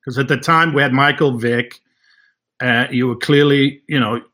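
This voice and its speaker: A man in his sixties, a retired kicker hosting the conversation, asking teasing, animated questions. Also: medium pitch, normal speed. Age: 60s. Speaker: host, retired football kicker. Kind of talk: casual conversational interview.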